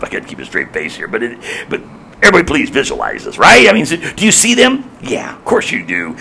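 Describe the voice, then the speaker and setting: A man preaching a sermon in a lively, swinging voice that climbs loud and drops to a hush. His tone is gravelly and sharp, and he pitches a little high for a man as he presses his points with repetition. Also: fast. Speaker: pastor.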